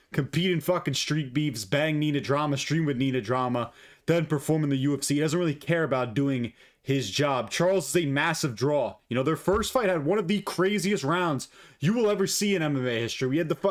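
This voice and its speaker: Foul-mouthed man ranting about fights. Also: a little high. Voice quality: profane, blunt and opinionated. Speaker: MMA commentator, channel host. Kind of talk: casual ranting commentary.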